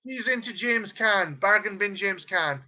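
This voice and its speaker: Brief: male podcast co-host, bright, ranting, profane, lo-fi recording. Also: high voice, unhurried. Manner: profane, rambling, animated retelling. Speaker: podcast co-host reviewing a film. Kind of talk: casual chat.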